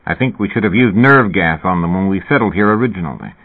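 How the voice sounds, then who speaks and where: A man voicing a weary, sour middle-aged male loner in a low, flat voice. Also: fast talker. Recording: tinny phone-like radio sound.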